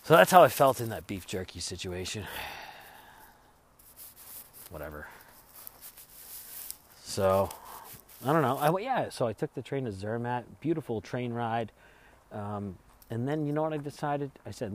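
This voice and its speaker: A man's voice: medium pitch, animated, moderate pace, pauses often. A man vlogging as he travels, telling a rambling, profane story in casual chat. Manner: rambling, profane, laughs while retelling.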